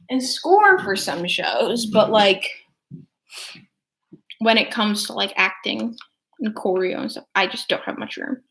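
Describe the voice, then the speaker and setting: A woman's voice: mid-range voice, expressive, measured pace, vocal fry, long pauses, a bit bright. A young adult woman chatting casually as a vlogger, rambling with lots of filler words while she eats. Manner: eating while talking. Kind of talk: casual chat.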